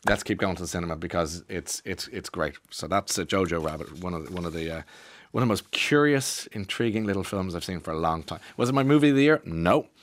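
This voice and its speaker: A man's voice: sits low, expressive, quick pace, no echo. An Irish man presenting a radio show, chatting casually in a rambling way with lots of restarts and asides. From Ireland. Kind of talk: casual monologue.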